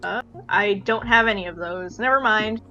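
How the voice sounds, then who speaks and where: A woman player asks questions in a bright, forward voice. Her sound is dull and lo-fi, with faint music behind it. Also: medium pitch, normal speed. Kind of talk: tabletop role-play. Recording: dull lo-fi mic.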